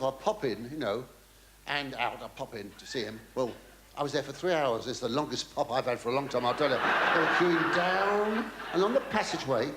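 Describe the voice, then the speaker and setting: A man's voice: a little high, very noisy. A man doing a camp, theatrical stand-up act with the audience. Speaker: comedian. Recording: echoey live venue with laughter.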